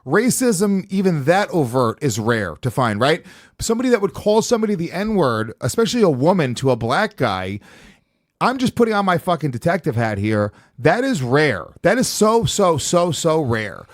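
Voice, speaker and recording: A man hosting a podcast, swearing freely as he tells animated stories. His voice sits a touch high for a man, and the recording is dry and close, with no room sound. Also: moderate pace, dry recording. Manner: profane, animated storytelling. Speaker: podcast host. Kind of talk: casual podcast chat.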